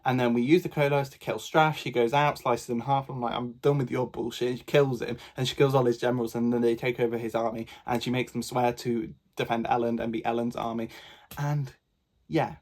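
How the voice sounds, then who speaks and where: Man, book reviewer; casual, gushing, excitable delivery at a middling pitch. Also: fairly quick. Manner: gushing, excitable, rambling with fillers.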